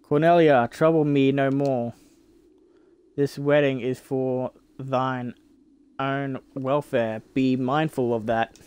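A man doing a booming tyrant stage king. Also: steady tone, slow, a little mellow, smooth, lightly acted. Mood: stern. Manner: booming, commanding old-fashioned speech. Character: stern, domineering old king of a stage play.

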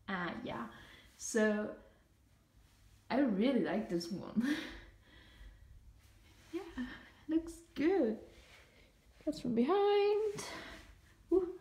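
A young woman's slightly high, somewhat mellow voice carries a giggly, gushing tone packed with fillers. She's a vlogger doing a casual unboxing, recorded in an echoey room with the mic placed away from her.

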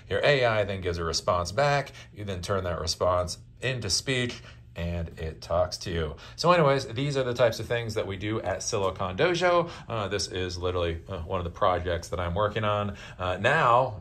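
A man's voice: low-pitched, a bit bright. A man hosting a casual tech demo, explaining things loosely with frequent fillers and restarts. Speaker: host.

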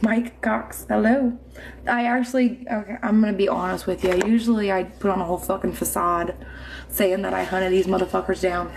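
A woman's voice: medium pitch, moderate pace, vocal fry, a little hiss or hum. A woman from Indiana hosting a live stream from her home on a phone, chatty and giggly, swearing freely and a little drunk. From Indiana, USA. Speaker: livestream host. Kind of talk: casual live-stream chat reading comments. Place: home room with mounted trophies.

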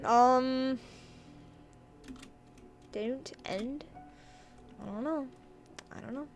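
A high-pitched woman talking casually on a live game stream. She chats with viewers, reads their messages aloud and reacts to what happens in play. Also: extremely slow, faint music behind. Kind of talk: casual live-stream chat while gaming.

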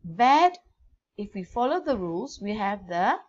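A woman's voice: mid-range voice, big pitch swings, measured pace, dull audio. A woman with a Malaysian English accent teaching a grammar lesson, spelling words out letter by letter.

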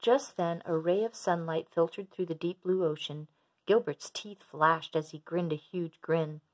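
A woman gently reading a children's storybook aloud in a steady storyteller voice. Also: fairly low pitch, a little slow.

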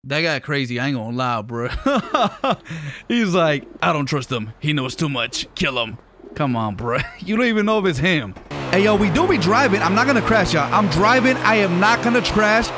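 A man's voice: sits high, sing-song, normal speed, sharp tone, faint music behind. A man streaming a video game, joking and hyping in slangy casual commentary. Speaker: gaming streamer. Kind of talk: casual let's play commentary.

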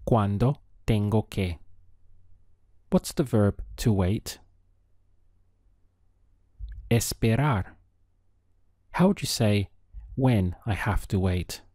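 A man teaching a language lesson, enunciating each phrase slowly and carefully. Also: on the low side, a little mellow, dry recording, studio quality.

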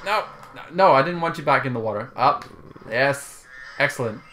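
A man's voice: medium pitch, lively intonation, normal speed, sharp tone, a little hiss or hum. A young man playing a video game and chatting casually, with playful exclamations. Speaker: gamer playing on a let's play. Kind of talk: casual gameplay chat.

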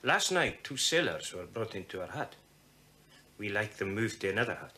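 An actor playing a stubborn, excitable Italian internee in a television drama, insistent and quick to raise his voice. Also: fairly low pitch, husky, heavily acted.

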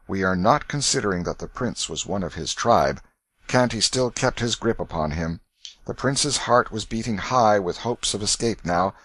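Bright-voiced male audiobook narrator. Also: sits low, no echo. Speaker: audiobook reader. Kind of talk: scripted narration.

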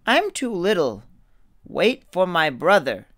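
A man's voice: high voice, very animated, slow, a bit bright, no echo, clean studio sound, pitched above the performer's own voice, full character voice. A man doing a nervous middle billy goat. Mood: pleading. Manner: pleading.

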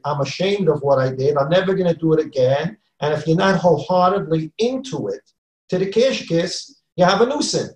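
A man's voice: on the high side, darkish tone, reverberant, poor audio. A man teaching a Torah class as a rabbi, earnest and repeating key phrases for emphasis, weaving in Hebrew and Yiddish terms. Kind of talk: Torah lecture.

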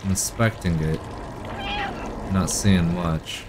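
A young man streaming live and commenting on a game as he plays. He jokes along and jumps into high, excited cries. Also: slow, background noise. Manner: reactive, jokey, breaks into high excited exclamations. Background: game music.

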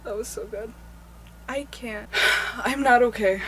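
Young woman fangirling hard, squeals and laughs, voice jumping all over, kinda high. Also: lively intonation, slow pace, pauses often. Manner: gushing, squealing, bursts of laughter. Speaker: reaction video host. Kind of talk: excited reaction commentary.

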